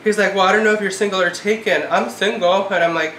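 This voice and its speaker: A woman in her twenties vlogs in a casual chat, sprinkling "like" throughout and sounding exasperated. Her medium-pitched, slightly bright voice moves fast with barely any pauses, recorded in an echoey room with a little hiss or hum.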